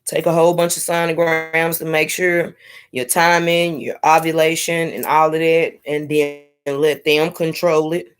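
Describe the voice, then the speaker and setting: A woman's voice: deep voice, little pitch movement, a little slow, smooth. A young woman in casual live-stream chat, candidly talking to her viewers with sassy asides. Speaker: vlogger sharing her IVF journey.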